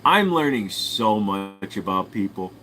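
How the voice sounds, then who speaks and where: A man's voice: fairly low pitch, big pitch swings, measured pace, sharp tone, slight background noise, low-quality recording. A sleepy young man streaming, rambling through crude jokes in a casual late-night chat.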